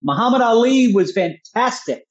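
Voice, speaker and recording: A man's voice: extremely high pitch, expressive, normal speed, muffled recording. A man with a Philadelphia accent, a guest on a talk radio show, making his points in punchy, combative bursts full of rhetorical questions. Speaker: guest author.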